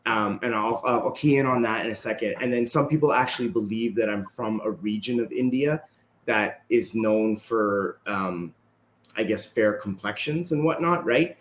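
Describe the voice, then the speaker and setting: A man's voice: on the low side, normal speed. Canadian man in a roomy echo. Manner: relaxed, tags sentences with "right?". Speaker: podcast guest, martial arts instructor. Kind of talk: casual conversational storytelling.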